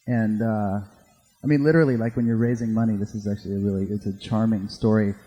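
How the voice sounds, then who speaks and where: A man co-founder telling a story in a stage interview, animated and acting out other people's lines with laughter. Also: fairly low pitch, fast talker. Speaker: startup co-founder. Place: event stage in a hall. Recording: long reverb of a hall.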